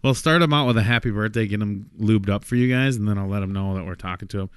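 A man's voice: fairly low pitch, fast talker, smooth, no room sound, studio quality. A man co-hosting a casual podcast, rambling and laughing, swearing freely as he fiddles with a phone call. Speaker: podcast co-host.

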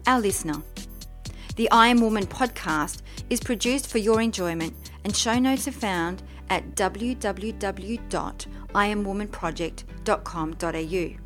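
A woman hosts a podcast in an upbeat, eager way, moving from a read intro into friendly interview chat. Her voice sits at an ordinary middle pitch, and faint music plays softly behind her. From Australia. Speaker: podcast host.

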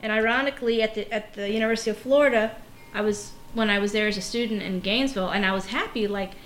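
A woman's voice: mid-range voice, quick pace. A woman speaks as an interview guest, thoughtful and candid, often restarting her sentences. Her voice sits in a roomy, echoing space. A faint hiss of noise runs underneath. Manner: reflective, candid, many restarts. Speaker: guest, pharmacy professor. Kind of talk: conversational interview.

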